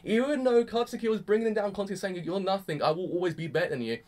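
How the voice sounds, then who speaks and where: Fast, gushing young man reviewing anime. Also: sits high. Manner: excitable, gushing, says "freaking" a lot. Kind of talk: casual episode review.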